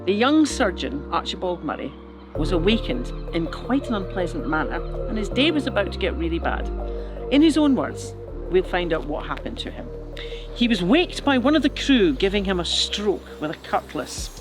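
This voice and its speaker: Man, high voice, comic history storytelling, playful asides, music behind. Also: sing-song, normal speed. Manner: playful, chatty asides to the listener.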